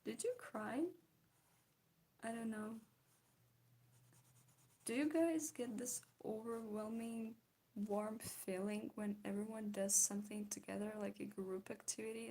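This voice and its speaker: A young woman with a mellow, mid-range voice streams while she draws. She chats casually with her viewers, answers their comments, and giggles often.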